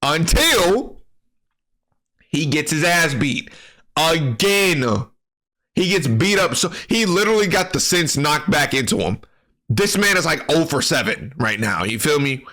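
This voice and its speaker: Man, casual game recap, bright voice, loose profane slang, rambling delivery. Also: on the high side, animated, a little slow. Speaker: gaming commentary creator. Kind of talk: casual gaming commentary.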